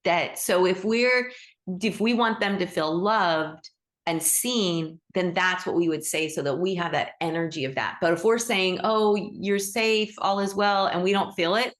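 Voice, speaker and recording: A woman hosting a live online group class as a teacher, talking with enthusiasm and big swings in pitch. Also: normal speed, fairly bright tone. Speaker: animal Reiki teacher and host. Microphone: video call.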